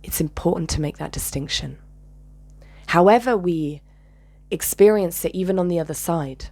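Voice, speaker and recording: A channel host with a low, husky voice tells a personal story at a moderate pace. She's intense and swears freely, swinging between raised, emphatic phrases and hushed whispers.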